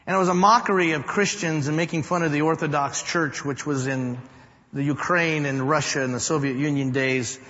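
A man in a pastor's role preaches a storytelling sermon, rising to loud emphasis and dropping to a hush. His voice sits a little high for a man. The sound is dull and carries a long reverb from a large church hall. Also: fairly even intonation, fairly quick. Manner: storytelling, swings from loud to hushed. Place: church sanctuary.

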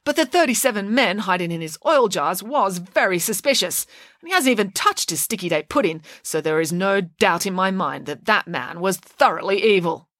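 A woman's voice: medium pitch, animated, moderate pace, fairly bright tone, no echo, clean studio sound, lightly acted. A woman doing a bossy, clever young pig girl. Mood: matter-of-fact. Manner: firm, commanding and matter-of-fact.

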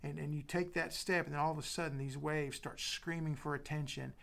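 A middle-aged man preaching a sermon as pastor, dropping to soft whispers and building with emphatic repetition. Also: a little high, steady tone, a little fast, vocal fry.

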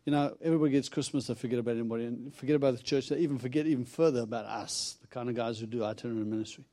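A man preaches to his congregation in rapid-fire, medium-pitched speech, an itinerant preacher spinning stories. Lively and animated, he acts out quotes and often laughs.

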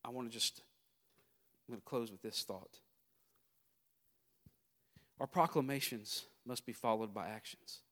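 Southern pastor preaching in a reverberant hall. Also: male voice, mid-range voice, unhurried, long pauses. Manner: preaching with swells from quiet storytelling to loud exhortation. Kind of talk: sermon.

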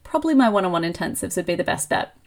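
Energetic woman hosting a coaching podcast. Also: lowish voice, racing. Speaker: podcast host and marketing coach. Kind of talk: solo podcast monologue.

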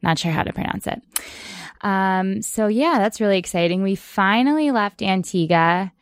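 A woman's voice: medium pitch, normal speed, no echo, clean studio sound. A woman co-hosting a podcast from a sailboat, chatting frankly and laughing easily, with small restarts. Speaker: podcast co-host. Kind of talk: casual chat. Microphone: podcast mic.

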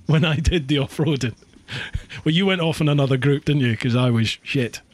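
A man's voice: fairly high pitch, a little fast. A Scottish man hosting a casual chat over a call, chatty and self-deprecating, laughing often. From Scotland. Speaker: podcast host.

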